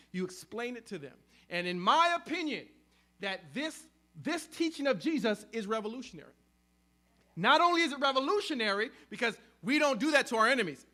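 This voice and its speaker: A male pastor preaching a sermon, emphatic, with sudden swings between loud stressed words and soft drops, often repeating and restarting phrases. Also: very high-pitched.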